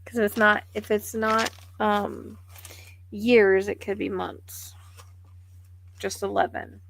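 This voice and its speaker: A woman's voice: mid-range voice, little pitch movement, takes it slowly, creaky, fairly bright tone, slight background noise. A woman psychic medium giving a live reading, thinking aloud in a musing, tentative way.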